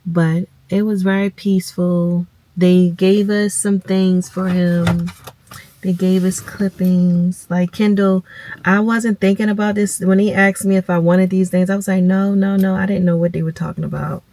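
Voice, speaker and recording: A woman, tearfully telling viewers a personal story, halting and calling them y'all. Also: lowish voice, level tone, warm tone. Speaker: vlogger. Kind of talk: emotional personal storytelling to camera.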